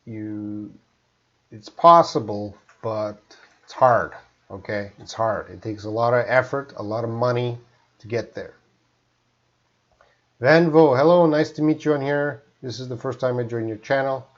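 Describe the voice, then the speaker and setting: A man's voice: mid-range voice, unhurried, lo-fi sound. A man from Canada teaching English in a live stream, reading out viewer questions and answering them plainly.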